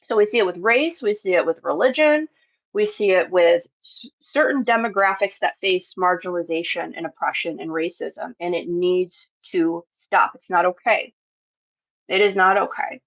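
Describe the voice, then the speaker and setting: A woman's voice: mid-range voice, a little slow, a bit bright, muffled recording. Earnest, preachy woman host. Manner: earnest, preachy, repeats phrases for emphasis. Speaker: spiritual channel and show host. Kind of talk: impassioned monologue to viewers.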